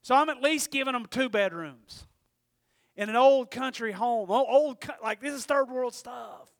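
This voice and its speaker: A middle-aged man preaching a sermon, excitable, swinging between shouting and hushed talk. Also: very high-pitched, moderate pace, dry recording, clean studio sound.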